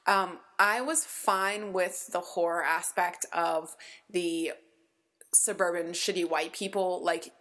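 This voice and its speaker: A woman's voice: fairly low pitch, fairly even intonation, slow pace, a bit bright. A young woman co-hosting a podcast in casual chat, chatty and giggly, full of "like". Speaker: podcast co-host.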